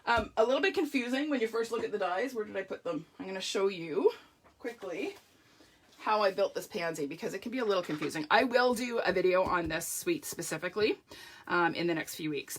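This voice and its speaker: Casting note: woman, live craft demo host, bright, crisp voice, gushing and chatty, greets viewers by name. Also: mid-range voice. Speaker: paper-craft demonstrator hosting a live launch party. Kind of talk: casual live demo chat.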